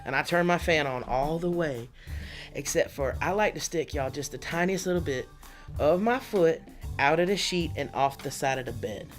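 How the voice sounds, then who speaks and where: A woman's voice: sits low, moderate pace, soft background music. Chatty woman doing stand-up. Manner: animated, chatty, laughing often. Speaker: stand-up comedian. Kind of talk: stand-up comedy set. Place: studio under lights.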